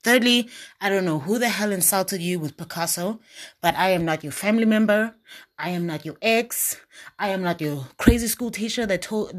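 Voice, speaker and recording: A woman giving dating advice in a casual monologue, sassy and emphatic, with big swings in pitch.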